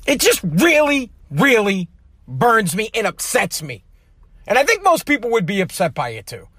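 A man's voice: high voice, huge pitch swings, moderate pace, pushed and bright, slightly rough, no echo. A man hosting a show, delivering a heated, profane monologue with lots of repetition. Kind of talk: angry ranting monologue.

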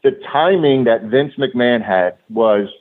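A man speaks as an interview guest, telling old stories in a loose, profane way full of "um"s and "like"s. His voice is pitched around the middle for a man. It comes through a thin, narrow phone line. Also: lively intonation, unhurried. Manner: loose, profane, with many fillers. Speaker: guest, former pro wrestler. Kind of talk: casual storytelling. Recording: tinny phone-line audio.

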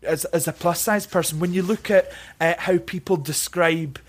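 A lively young man talks openly as an interview guest, his chatty delivery tripping over repeated words as he rushes ahead. He keeps slipping into quick mimicking voices to act out other people's lines. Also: high-pitched. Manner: animated and chatty, often stammering on repeated words. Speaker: interview guest, drag performer. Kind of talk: candid conversational interview.

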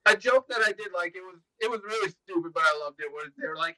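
A man chatting casually on a podcast, telling an animated story and acting out the dialogue. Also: high voice, fast talker, hardly any pauses, low-quality recording. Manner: animated anecdote with acted-out dialogue. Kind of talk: casual chat.

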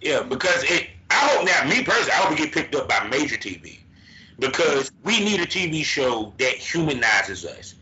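A man hosting a casual podcast chat, telling animated stories and circling back on his points. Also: fairly high pitch, moderate pace. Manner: animated storyteller who repeats "but see". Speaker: podcast host. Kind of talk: casual conversation. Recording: dull lo-fi recording.

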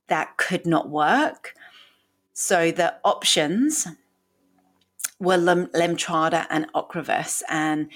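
A woman in her forties hosting a podcast, telling her own story in a candid, emotional way and swearing casually. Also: deep voice. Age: 40s. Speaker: podcast host. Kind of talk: personal story monologue.

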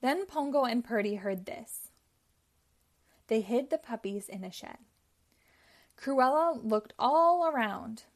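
Reading a children's storybook aloud, a woman tells the story clearly and expressively in a fairly high voice whose pitch moves in a lively, animated way. She goes slowly and leaves long pauses.

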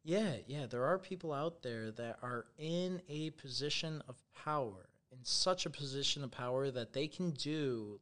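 A man hosting a casual podcast chat, talking loudly and rambling with lots of swearing and filler. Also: medium pitch, normal speed, few pauses. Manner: loud, rambling, swears freely. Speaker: podcast host.

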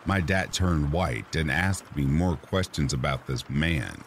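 Man, extremely low voice, calm bedtime horror narration, soothing, faint hiss behind. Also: a little slow. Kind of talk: calm sleep-story narration. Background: rain sounds.

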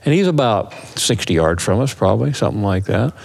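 A man's voice: on the low side, fairly quick, creaky, husky. Man animatedly telling a hunting story. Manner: animated, acts out calls and voices. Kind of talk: casual storytelling.

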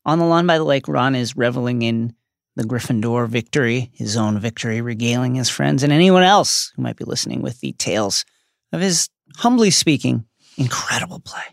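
A man's voice: mid-range voice, a little fast, vocal fry, no room sound, studio quality. A man co-hosting a podcast, narrating a scripted recap with reflective commentary and wry humor. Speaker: podcast co-host.

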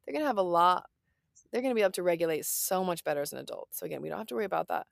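A woman's voice: fairly low pitch, animated, racing, gravelly, dry recording, clean studio sound. A woman in her thirties talking casually and earnestly about parenting, reassuring and chatty. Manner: earnest, reassuring, lots of "like" and "right?". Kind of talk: casual parenting advice talk.

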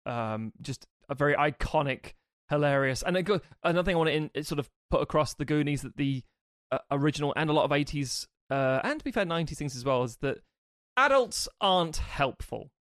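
A man co-hosting a casual podcast, rambling and joking as he pitches ideas. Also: lively intonation, brisk, a bit bright, dry recording, studio quality. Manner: rambling, jokey, often trails off and restarts. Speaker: podcast co-host.

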